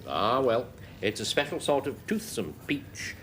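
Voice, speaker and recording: A man chairing a panel game show with a brisk, wry manner. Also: mid-range voice, sing-song, fairly bright tone. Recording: noisy 1980s TV studio with audience.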